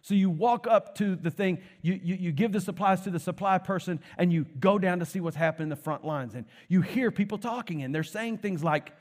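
Male pastor, sermon, high voice, animated storytelling. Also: a little fast, few pauses.

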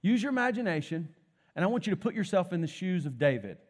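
A man preaching a sermon as a pastor, telling a story with animated repetitions. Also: high voice, fast.

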